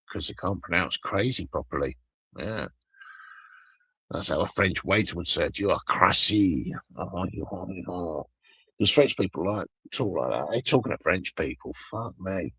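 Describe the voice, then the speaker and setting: A man's voice: on the low side, vocal fry, pushed and bright, breathy edge, dry recording, rough recording. A British man streaming live, rambling through crude, profane stories in casual chat.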